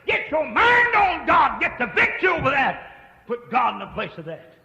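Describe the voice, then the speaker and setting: A fervent man preaching in a high, bright, ringing voice, telling homespun stories and shifting from hushed pleading to shouting. It sounds like an old church tape: muffled and echoey, with a faint hiss behind him. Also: huge pitch swings, moderate pace, gravelly. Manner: folksy storytelling. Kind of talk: holiness sermon. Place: church sanctuary.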